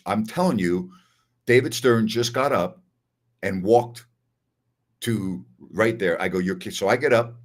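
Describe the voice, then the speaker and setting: An older man hosting a sports talk show, chatting casually and telling stories while repeating phrases for emphasis. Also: lowish voice. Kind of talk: casual live-stream chat.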